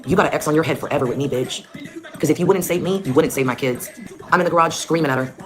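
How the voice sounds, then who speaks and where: A woman with a low voice talks fast as she recounts her life as a mother. Her storytelling is heated and blunt, packed with swearing, with clear music behind her.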